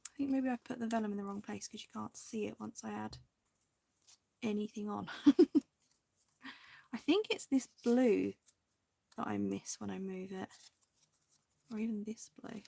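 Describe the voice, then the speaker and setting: Chatty woman with a gravelly edge. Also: medium pitch, unhurried, long pauses, no room sound. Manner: chatty, indecisive, muttering to herself, soft half-whispered asides. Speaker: crafting video host. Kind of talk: casual crafting chat to viewers.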